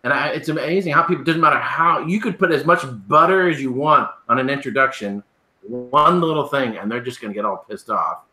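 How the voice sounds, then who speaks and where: A man's voice: medium pitch, animated, fairly quick, pushed and bright. A man co-hosting a casual live chat, explaining his views at length and often agreeing with "right". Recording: echoey room.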